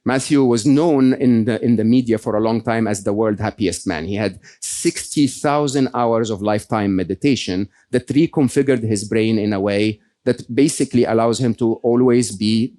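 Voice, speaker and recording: A keynote speaker gives a conversational motivational talk to a live audience, frequently checking in with "okay?" and "right?". He has a lowish, warm voice and speaks at a moderate pace.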